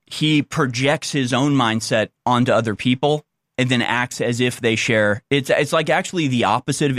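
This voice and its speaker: A man's voice: mid-range voice, fairly bright tone, no room sound, clean studio sound. A man giving blunt, combative opinion commentary on a clip he is playing, insulting those he disagrees with.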